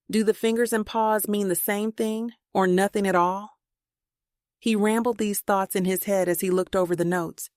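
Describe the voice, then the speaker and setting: Gravelly woman reading a thriller. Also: medium pitch, no echo, clean studio sound. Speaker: audiobook narrator. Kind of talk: scripted thriller narration.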